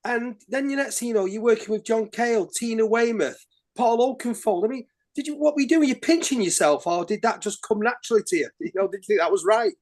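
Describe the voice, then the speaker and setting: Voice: medium pitch, fast talker, darkish tone. An interviewer asking casual, chatty questions and laughing along. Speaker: interviewer host.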